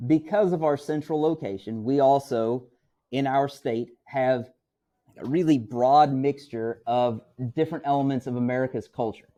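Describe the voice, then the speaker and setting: A man's voice: medium pitch, moderate pace, dark tone, highs cut off. A middle-aged man from Missouri lecturing as a teacher, talking conversationally and checking in with "right?" as he goes. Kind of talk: classroom lecture.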